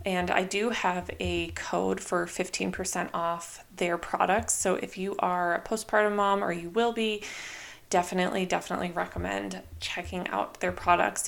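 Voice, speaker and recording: A young woman hosting her own podcast in a casual, chatty way, full of "like" and "you know", now and then quoting herself in lively voices. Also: on the low side, creaky. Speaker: podcast host. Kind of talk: casual solo podcast talk.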